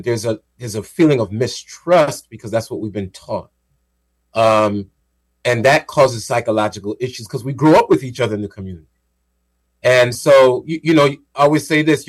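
A man co-hosting a radio talk show, explaining ideas in a measured, casual way. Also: mid-range voice. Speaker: radio co-host.

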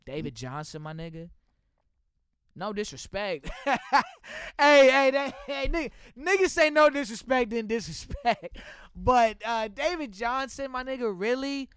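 Young Texan man, high bright voice, loud animated sports-podcast rants, dry close mic. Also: unhurried, clean tone, no echo. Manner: loud, animated ranting with laughter. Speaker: podcast host. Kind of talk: casual sports podcast chat. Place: indoor room with friends.

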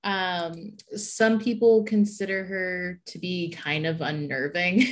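A woman's voice: fairly low pitch, fairly even intonation, slow pace. A woman describing her character in a tabletop game, rambling with many fillers and giggles. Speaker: player.

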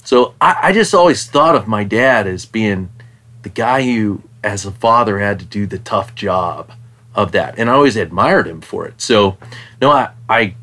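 A man in casual chat, talking in a reflective, hesitant way with many pauses and ums. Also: on the low side, lively intonation, a bit bright.

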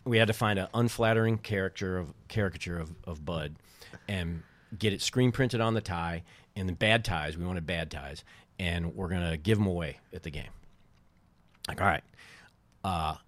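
Middle-aged male guest, low voice, dry close mic; chatty storyteller who acts out his quotes. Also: normal speed, no room sound. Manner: animated storyteller, acts out quoted people, laughs often. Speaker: podcast guest, former baseball team co-owner. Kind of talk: casual storytelling chat.

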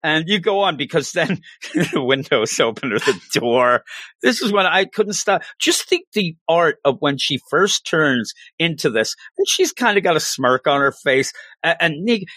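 Male co-host, animated and laughing, bright tone, dry close sound. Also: fairly high pitch, measured pace, no room sound. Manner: animated, laughing, acts out quotes. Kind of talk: casual chat recapping an episode.

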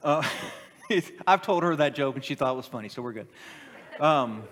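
A middle-aged pastor preaching a sermon in a church, animated and joking with the congregation. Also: male voice, mid-range voice, moderate pace. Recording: long hall reverb.

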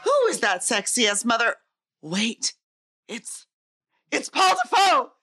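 A woman as an excitable, flirty wife who coos and gushes in a comedy audio play. Her bright, fairly high voice swoops widely. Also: slow pace, soft background music, full character voice. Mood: gushing. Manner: gushing, breathless.

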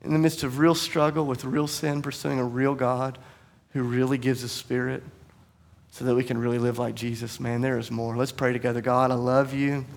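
Pastor guy preaching, earnest storyteller, bit of a gravelly fry in his voice, mid pitch. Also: flat delivery, brisk. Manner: earnest storytelling, drops to soft quiet tones for emphasis. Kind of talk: sermon. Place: church sanctuary.

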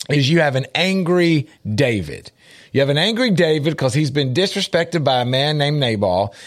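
A man teaching a Bible lesson on a talk show, earnest and repeating his points for emphasis. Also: medium pitch.

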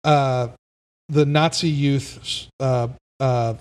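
A man's voice: medium pitch, drawn-out words, smooth. Man talking movies casually. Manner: animated, acts out movie quotes.

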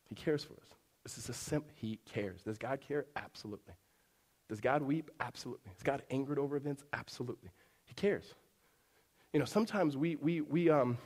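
A male pastor preaching a sermon, swinging from loud emphatic peaks to hushed low lines and telling stories with acted-out dialogue. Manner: conversational storytelling with acted-out dialogue.

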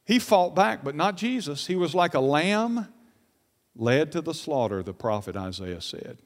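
A middle-aged male pastor preaching a sermon, rising to emphatic peaks, dropping to hushed lows, and putting rhetorical questions to the congregation. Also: sing-song, a little slow. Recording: reverberant church hall.

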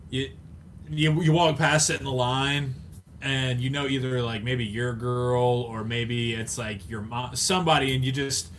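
A man's voice: mid-range voice, fairly even intonation, a little slow, a little hiss or hum. A man co-hosting a podcast, chatting casually and joking, with silly voices thrown in for people in his stories. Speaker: podcast co-host. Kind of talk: casual comedic chat.

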